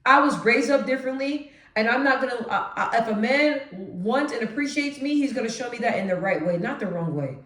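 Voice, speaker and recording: A woman vlogging straight to camera, with a naturally deep voice she lifts a notch as she talks emphatically. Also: a little fast, hardly any pauses, roomy sound. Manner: emphatic, animated, conversational. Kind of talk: direct-to-camera monologue.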